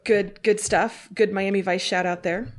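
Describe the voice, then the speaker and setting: A woman co-hosting a podcast, chatting animatedly about TV episodes with quick restarts. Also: mid-range voice, fairly even intonation. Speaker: podcast co-host. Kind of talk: casual TV review chat.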